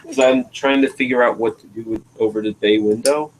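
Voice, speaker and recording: A man from northeastern Pennsylvania, USA, hosts a casual stream while building a toy train station, chatting in a laid-back way and thinking aloud. His mid-range voice is steady and a little fast, and the audio is poor, with slight background noise.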